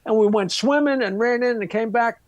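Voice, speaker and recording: Brash high-voiced New comedian. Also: male voice, moderate pace, dry recording, highs cut off. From Long Island, New York. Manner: brash, crude, mimics other people. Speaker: comedian guest. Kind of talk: profane storytelling anecdote.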